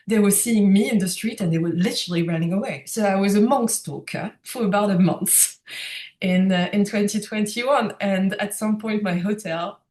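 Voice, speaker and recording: Speaking at normal speed in a medium pitch, a woman from France whose first language is French appears as a guest in casual storytelling. Animated, thoughtful and quick to laugh, she sounds as if in an echoing room.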